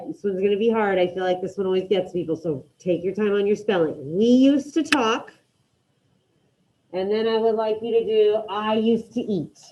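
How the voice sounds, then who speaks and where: A woman leads an online Spanish lesson with a mellow, warm tone. She encourages her students and calls on them one by one. Her voice comes through slightly muffled video-call audio. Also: mid-range voice. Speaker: Spanish teacher. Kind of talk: online class teaching.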